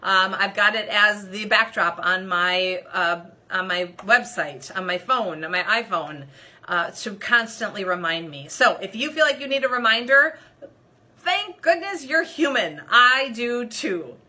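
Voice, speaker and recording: A woman coach telling a personal story straight to her viewers, animated and expressive, speaking to them directly. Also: mid-range voice, measured pace. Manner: addresses viewers directly as "you guys". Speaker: leadership coach. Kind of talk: personal story told to camera.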